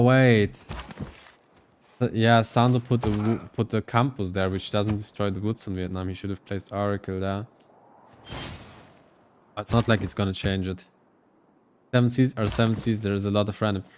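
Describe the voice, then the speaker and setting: Guy casting a strategy game live, lower voice, clean and smooth, kinda thinking out loud as he goes. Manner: loose, thinking-aloud play-by-play. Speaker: esports caster.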